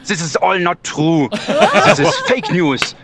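A man's voice: sits high, very animated, takes it slowly. Man in a noisy voice note. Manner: mock-stern, laughing. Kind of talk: recorded voice note.

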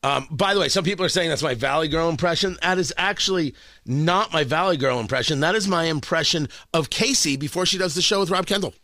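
A man's voice: a little high, fast talker, bright, forceful tone, no room sound, clean studio sound. A man hosting a political commentary show with a sarcastic, incredulous manner. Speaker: host.

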